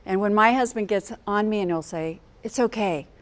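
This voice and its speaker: A woman's voice: medium pitch, a little fast. An older American woman, a marriage coach, giving an earnest teaching talk to couples and acting out phrases with emphasis.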